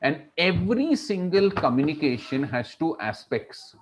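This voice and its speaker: A male instructor teaching a public speaking class online. He leans hard on particular words and uses dramatic pauses to make his points. The audio comes through a video call. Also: on the high side, sing-song. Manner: strongly varied emphasis, dramatic pauses. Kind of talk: online class lecture with storytelling.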